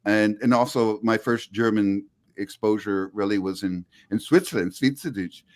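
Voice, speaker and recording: On a video call, a middle-aged linguistics professor answers interview questions in a lowish voice at a moderate pace. His conversational explanations are lively and full of restarts.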